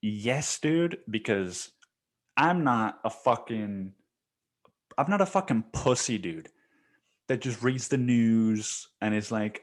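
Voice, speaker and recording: Animated, swearing man telling a story. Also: medium pitch, slow pace. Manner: profane, animated, slangy, says "dude" often. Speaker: podcast host. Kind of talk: casual storytelling monologue.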